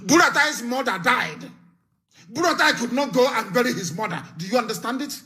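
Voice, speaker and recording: A middle-aged Nigerian man delivering a fiery live political broadcast, threatening and lecturing, repeating his warnings with sudden shouts. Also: very high voice, lively intonation, a little fast. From southeastern Nigeria.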